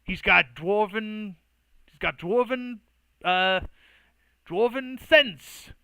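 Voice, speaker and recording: A man putting on a loud, hearty dwarf. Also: high-pitched, extremely slow, gravelly, clean tone, no room sound, pitched above the performer's own voice, exaggerated voice. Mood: jovial. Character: boisterous jolly male dwarf.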